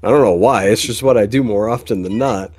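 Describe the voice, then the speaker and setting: A man's voice: fairly low pitch, a little fast, a little mellow, no echo. A man speaking in a dry, matter-of-fact way on a casual podcast chat.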